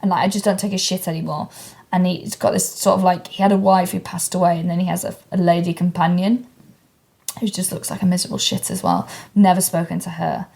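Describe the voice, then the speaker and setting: A woman's voice: lowish voice, fairly quick, vocal fry, a little mellow. A woman, co-hosting a comedy podcast in casual chat and telling stories bluntly, with plenty of swearing. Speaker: podcast co-host.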